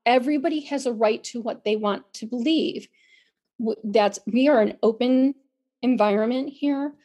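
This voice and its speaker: A woman's voice: on the high side, moderate pace, dark tone. Earnest woman with a fraying voice. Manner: earnest, repeats words and restarts often. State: losing her voice. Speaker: podcast co-host. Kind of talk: casual podcast talk.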